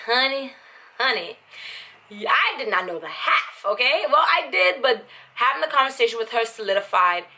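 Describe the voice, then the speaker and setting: A young woman vlogger telling a story in a blunt, animated, casual way, with lots of "like". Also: mid-range voice.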